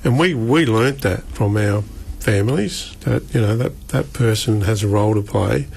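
A man, a radio guest speaking earnestly and haltingly with many restarts. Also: on the low side, gravelly, a little mellow, slight background noise. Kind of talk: radio interview.

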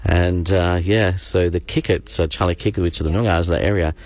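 A man's voice: deep voice, steady tone. A man hosting a radio show, chatting casually and rambling with frequent restarts. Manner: rambling, halting, with many restarts. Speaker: radio host. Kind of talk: casual chat.

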